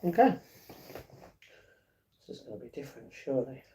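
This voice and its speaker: A man's voice: mid-range voice, very animated, normal speed, vocal fry, warm tone, slight background noise. A young British man hosting a casual live stream, chatty and playful, greeting viewers by name and breaking into improvised rhymes. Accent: British English.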